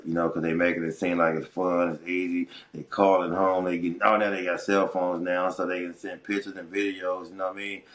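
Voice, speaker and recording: A middle-aged man from Watts, Los Angeles, telling his story as a guest in casual, animated, slangy talk. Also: deep voice. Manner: animated, slangy, chuckles between phrases. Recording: roomy echo.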